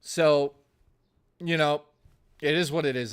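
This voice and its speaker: A man's voice: fairly high pitch, normal speed, clean tone. A man streaming live, chatting casually with his viewers in a blustery, profane rant. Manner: profane, blustery ranting to chat.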